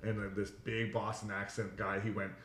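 A man chatting on a podcast, animated and quick to laugh as he tells a story. His voice sits a little low, and the room around him echoes. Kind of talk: casual podcast chat.

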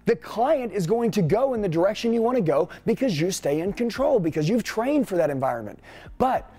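A man coaching salespeople in an energetic, punchy way, firing off rhetorical questions. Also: sits high, fairly quick, slightly rough. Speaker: sales trainer.

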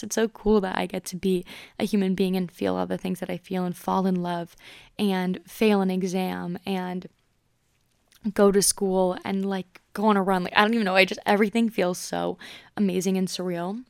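A woman's voice: medium pitch, little pitch movement, normal speed, creaky, darkish tone, clear, resonant tone, no echo, studio quality. A woman in her twenties hosting a solo podcast, talking casually and upbeat with lots of "like" fillers. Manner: chatty, upbeat, many "like" fillers. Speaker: podcast host.

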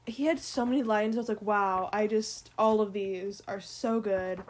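A woman co-hosting a podcast, chatting excitedly about characters and often trailing off and restarting. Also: mid-range voice, normal speed. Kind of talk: casual chat about books.

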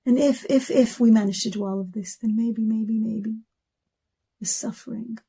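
Woman pouring her heart out in a video message, warm husky voice, piles up repeated words. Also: fairly high pitch, steady tone, moderate pace. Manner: impassioned, repeats words in rising lists. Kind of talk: emotional personal testimony.

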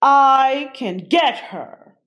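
A woman's voice: high-pitched, lively intonation, highs cut off, pitched above the performer's own voice, full character voice. A woman doing an icy hissing tentacle monster. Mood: creepy. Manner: hissing, drawn-out.

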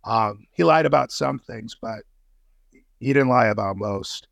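A man's voice: mid-range voice, measured pace, gravelly, no room sound. A man as a podcast guest in casual interview chat, slangy and profane, with many fillers and restarts. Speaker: podcast guest, intelligence analyst.

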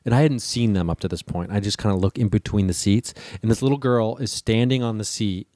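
A man telling a long personal story in casual talk, lively and profane, acting out the people in it. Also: fairly low pitch, a little fast, dry recording, clean studio sound. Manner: animated, swears freely, acts out the people in his story.

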